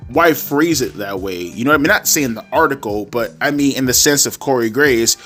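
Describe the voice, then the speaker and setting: A man's voice: mid-range voice, lively intonation, fairly quick, fairly bright tone. A man giving a casual opinion rant, rambling with frequent restarts and self-corrections and casual swearing. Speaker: wrestling commentary YouTuber. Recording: faint instrumental music underneath.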